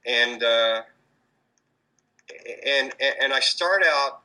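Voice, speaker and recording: A man's voice: mid-range voice, slow pace, sharp tone, low-quality recording. A man answering interview questions about his street performing, hesitant, with many fillers and restarts. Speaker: street performer in mobster costume.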